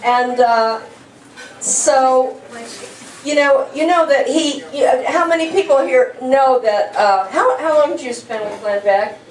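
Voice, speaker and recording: A woman introducing a guest speaker at a meeting, chatty and halting, with many fillers. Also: high voice. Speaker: event organizer introducing the speaker. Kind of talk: casual introduction. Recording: echoey hall, voice from far off.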